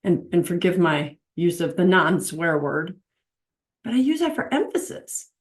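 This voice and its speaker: A middle-aged woman with a slightly low voice talks about faith and marriage in a casual teaching monologue. She is earnest and emphatic, repeating her key lines and acting out the people she quotes. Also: sing-song, unhurried.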